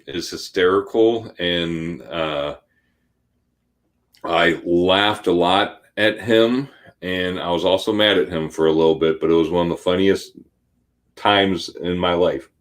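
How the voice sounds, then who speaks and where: A man in his forties, co-hosting a podcast, telling an animated, laughing personal story in casual chat. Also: low voice, measured pace. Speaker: podcast co-host.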